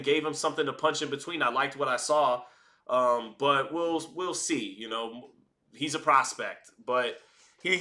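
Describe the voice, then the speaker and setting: A man calling a boxing fight live, chatty and energetic, hosting a watch-party stream and often restarting his phrases. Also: a little high. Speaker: boxing commentator and stream host. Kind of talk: live round-by-round fight commentary.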